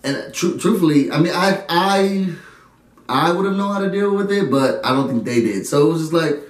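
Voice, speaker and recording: A young man telling a story in an animated way, often laughing and acting out his friends. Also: on the high side, moderate pace. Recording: echoey room, a bit far from the mic.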